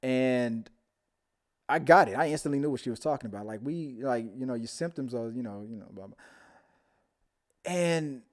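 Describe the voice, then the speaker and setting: A man's voice: medium pitch, lively intonation, normal speed, long pauses. A man hosting a live movie talk stream, chatting casually with viewers and telling a rambling story.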